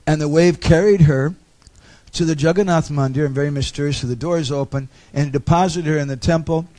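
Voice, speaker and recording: Animated storytelling man, higher voice. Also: a little fast. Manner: animated storyteller, humorous asides. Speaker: pilgrimage lecturer. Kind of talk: storytelling lecture.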